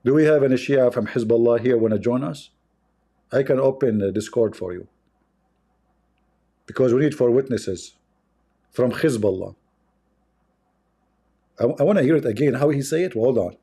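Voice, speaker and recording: Man, mocking and mellow. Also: mid-range voice, moderate pace, pauses often, husky. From Arab world. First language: Arabic. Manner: sarcastic, repetitive, chuckling asides. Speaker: livestream host. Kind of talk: mocking livestream commentary.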